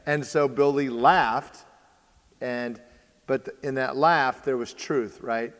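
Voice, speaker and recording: Slow and fairly even in intonation, a medium-pitched man, a baseball training host, recounts a story in casual talk and performs the quoted lines himself. Frequent uh and um fillers interrupt him. His voice echoes with a long hall reverb.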